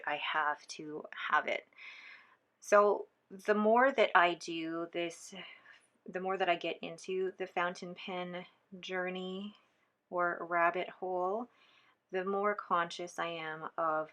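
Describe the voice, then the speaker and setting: A woman's voice: lowish voice, pushed and bright. A woman born in the Philippines chatting enthusiastically while swatching fountain pen inks, often dropping to a near whisper. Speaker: stationery vlogger. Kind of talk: casual ink swatching chat.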